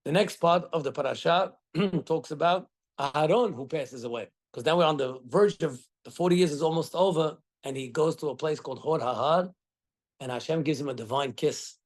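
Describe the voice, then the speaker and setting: Middle-aged rabbi, higher-pitched man, teaching a class, acts out quotes. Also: moderate pace. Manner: animated storytelling with acted quotes. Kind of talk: Torah class.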